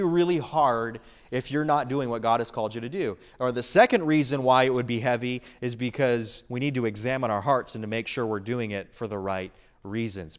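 Man, pastor, sermon, emphatic, earnest, mid-pitched. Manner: earnest, emphatic preaching with rising and falling intensity.

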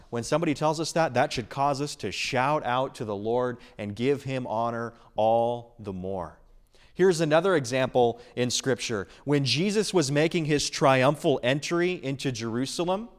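Man, pastor, sermon, emphatic, earnest, mid-pitched. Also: moderate pace. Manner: earnest, emphatic preaching with rising and falling intensity.

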